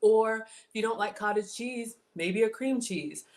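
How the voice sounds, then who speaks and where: A woman's voice: fairly high pitch, a little slow, a little mellow. A woman hosting a casual cooking livestream, chatting with viewers about her food and reading their comments. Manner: chatty, reads viewer comments, says y'all.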